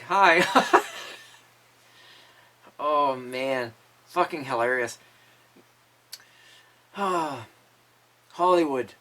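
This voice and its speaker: A man's voice: medium pitch, fairly bright tone. A man in his fifties, a musician hosting his own show, telling crude, profanity-laced stories with frequent laughter. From Canada. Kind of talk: casual storytelling monologue.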